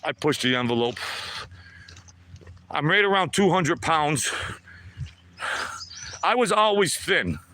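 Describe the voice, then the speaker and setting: A man's voice: a little high, expressive, slow pace, long pauses, sharp tone, a little hiss or hum. Chatty sixty-year-old man on a walk. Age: 60s. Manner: talks to himself while walking, chatty and upbeat. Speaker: vlogger. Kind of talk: live walking vlog. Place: outdoors on a lakeside trail.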